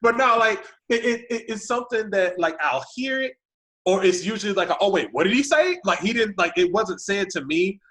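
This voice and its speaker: A man in his twenties tells a story on a podcast in a fairly high voice. He is animated, acts out the other people's voices, and fills his talk with "like.". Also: moderate pace. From Humble, Texas. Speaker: podcast guest. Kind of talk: casual storytelling.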